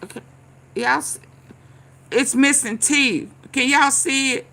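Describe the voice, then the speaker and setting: A high-voiced woman hosting casual commentary speaks slowly, her delivery creaky, pushed and bright. She rambles straight to her viewers and swears while hunting for clips to react to.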